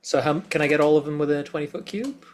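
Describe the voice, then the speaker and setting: A man's voice: fairly high pitch, racing, slight background noise. A man playing a tabletop game, hesitant, thinking aloud with many ums. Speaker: player.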